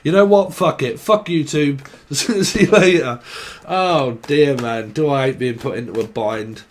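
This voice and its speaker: A man's voice: a little high, measured pace, a little hiss or hum. A man giving a casual, rambling tarot reading, swearing freely, chuckling and acting out people's inner voices. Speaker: tarot reader.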